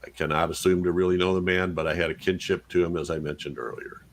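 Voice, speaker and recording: Male podcast co-host with a very low voice, reads listener mail with a dry touch. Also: level tone, fast. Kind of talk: casual podcast chat.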